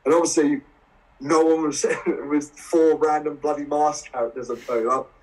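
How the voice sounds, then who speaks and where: A man in his twenties with an Essex accent, telling stories as a guest in a casual interview, animated and laughing often. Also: a little high, normal speed. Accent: English, Essex. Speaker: guest wrestler. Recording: voice a bit far from the mic.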